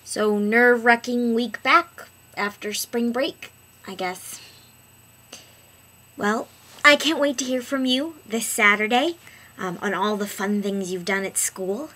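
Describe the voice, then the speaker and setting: A woman in her early twenties talking to camera in a casual vlog, chatty and animated, jumping between excited bursts and hushed asides. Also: fairly high pitch, slow pace, rough recording. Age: early 20s. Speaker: vlogger.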